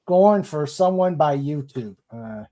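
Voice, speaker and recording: Male stream host, slightly raised pitch, slow easygoing delivery, reads comments aloud. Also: expressive, warm tone. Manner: unhurried, chatty, laughs at jokes. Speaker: livestream host. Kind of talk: casual chat, reading viewer comments aloud.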